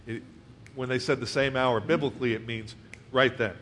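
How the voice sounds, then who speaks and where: A man's voice: medium pitch, fairly even intonation, moderate pace, a bit bright, a little hiss or hum. A man preaching to a congregation, reading scripture aloud and explaining it conversationally, often asking his listeners questions. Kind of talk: verse-by-verse Bible teaching.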